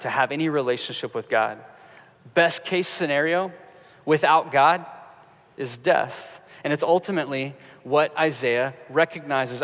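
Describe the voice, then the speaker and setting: A pastor with a slightly high, somewhat bright voice preaches a sermon in a church sanctuary, conversational and storytelling with touches of humor. The hall is reverberant.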